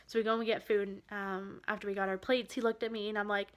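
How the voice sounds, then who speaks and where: A woman vlogger telling a personal story in a candid, halting and emotional way. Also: mid-range voice, flat delivery.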